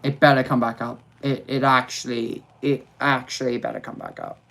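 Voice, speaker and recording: A man's voice: medium pitch, flat delivery, normal speed, creaky, fairly bright tone. A man hosting a live motorsport watch-along, talking to his viewers in a sarcastic, exasperated way and muttering to himself.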